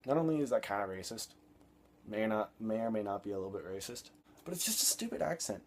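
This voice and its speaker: A man's voice: on the low side, sing-song, fast, a little hiss or hum. A young man reviewing a film in an exasperated, sarcastic rant, swearing freely.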